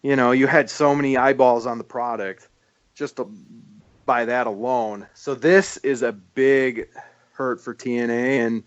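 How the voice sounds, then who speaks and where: A man co-hosting a casual podcast, explaining his points in a measured way. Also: mid-range voice, no echo, muffled recording. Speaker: podcast co-host. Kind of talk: casual wrestling talk.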